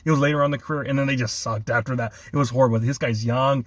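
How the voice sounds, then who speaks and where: A man's voice: medium pitch, steady tone, rapid-fire, no echo. Laughing, easygoing man talking sports. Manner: laughs often, enthusiastic, repeats 'man'. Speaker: sports podcast host. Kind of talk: casual sports chat.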